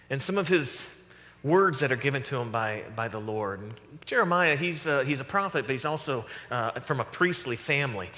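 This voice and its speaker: A man preaching a sermon as pastor, animated and conversational, acting out quoted voices as he goes. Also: medium pitch, long reverb tail. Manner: animated preaching, acts out voices of God and the prophets. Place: church sanctuary.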